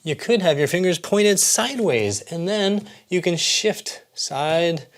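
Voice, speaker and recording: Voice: mid-range voice, animated, takes it slowly. A fitness coach and channel host giving exercise instruction to camera, patient and encouraging, explaining each step.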